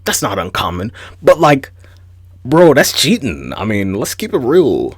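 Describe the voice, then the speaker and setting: A young adult man hosting a casual, profane commentary rant, animated and incredulous. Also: mid-range voice, unhurried, breathy edge, no room sound, studio quality. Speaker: host.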